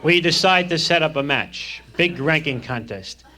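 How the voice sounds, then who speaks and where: A man telling fast stand-up stories about his school days, on a crackly vinyl record. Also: a little high, expressive. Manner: fast anecdotal delivery. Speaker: stand-up comedian. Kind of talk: stand-up storytelling.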